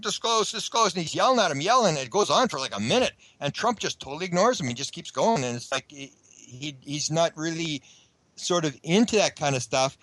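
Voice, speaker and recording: Guy guest on a radio interview, kinda high voice, rambles a lot, dry sound. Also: fairly bright tone, no room sound, low-quality recording. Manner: rambling, many restarts. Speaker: guest researcher.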